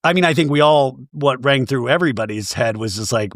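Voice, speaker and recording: A man hosting a podcast, recapping a show in an animated, profane, joking way with frequent laughs. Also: mid-range voice, brisk, hardly any pauses, no echo, studio quality. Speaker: podcast host. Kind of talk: comedic episode recap.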